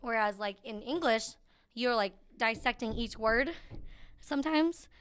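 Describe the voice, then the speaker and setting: A woman guest in a casual podcast chat, lively and laughing often as she acts out quoted lines. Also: a little high, a little slow, clean tone.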